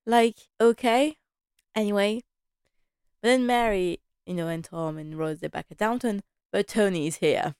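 Chatty woman with a smooth, dry voice. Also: mid-range voice, normal speed, no echo. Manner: chatty and animated, laughing often, slipping into quoted lines. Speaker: podcast host recapping a TV drama. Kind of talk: casual chat.

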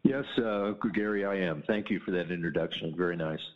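A man with a very deep voice speaks as a guest on an online panel show. He is polite and hesitant, often restarting his sentences. The sound is dull and lo-fi, like an online call. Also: a little fast. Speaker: guest, writer.

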